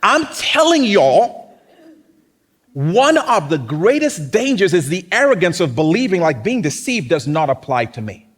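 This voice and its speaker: A male pastor delivers a lively sermon, his voice sitting high and swooping through a wide, animated range. He talks to the congregation in a conversational way and often slips into acted-out voices of other people. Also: unhurried. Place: church.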